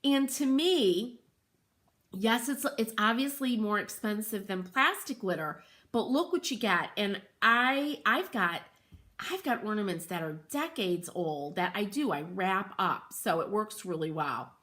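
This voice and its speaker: A woman hosting a craft livestream from home, chatting casually and reading viewer comments aloud, greeting people by name with sudden excited exclamations. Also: medium pitch, unhurried.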